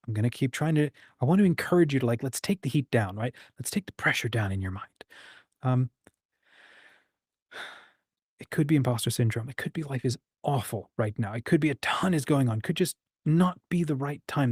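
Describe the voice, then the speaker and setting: A man's voice: medium pitch, darkish tone, dry recording, studio quality. A man hosting a casual livestream chat, encouraging and thinking aloud as he acts out quoted voices. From United States. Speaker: livestream host.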